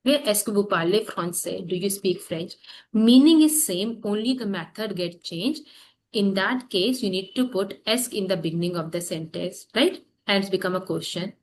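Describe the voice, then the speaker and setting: A woman leads a classroom lesson in a mid-pitched voice. She talks in halting bursts, repeating each key term and padding her pauses with "that is". A faint hum of room noise sits under her voice. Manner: halting, repeats terms, fills gaps with "that is". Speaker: French teacher. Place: classroom with students.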